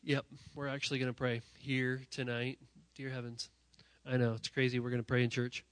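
A man preaching a sermon to young people in a church, talking while sick, emphatic and direct, often repeating phrases and swinging from loud to quiet. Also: medium pitch, moderate pace, dry recording. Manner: emphatic, rising to near-shouting then dropping quiet; repetitive, direct address to the audience. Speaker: youth pastor.

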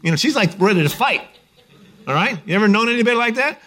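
A man's voice: high voice, lively intonation, fast talker, pushed and bright. A man preaching a sermon in a conversational, joking storytelling way. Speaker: pastor.

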